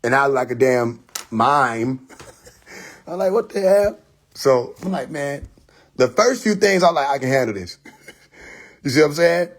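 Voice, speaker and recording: This man's medium-pitched voice is expressive and unhurried, broken by long pauses. He's on a live social media stream from his phone, telling a story in loose slang with frequent laughter.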